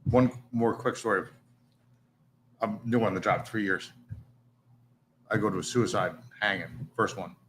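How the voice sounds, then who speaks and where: A man's voice: lowish voice, measured pace, long pauses, fairly bright tone, slight background noise, low-quality recording. A man telling profane police stories in a casual podcast chat. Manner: profane, laughing storyteller.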